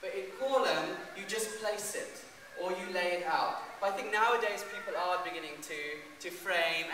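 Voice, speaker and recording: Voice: mid-range voice, normal speed, hardly any pauses, noisy background. A teacher from India introducing the lesson to a class of children and getting them to repeat words. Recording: echoey hall, distant mic.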